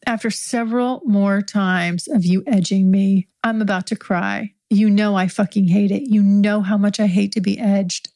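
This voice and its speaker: Warm-voiced woman telling an intimate story. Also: medium pitch, fairly even intonation, normal speed, hardly any pauses. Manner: intimate, hushed, drops to whispers at times. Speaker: erotic audio storyteller. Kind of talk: improvised intimate storytelling in second person.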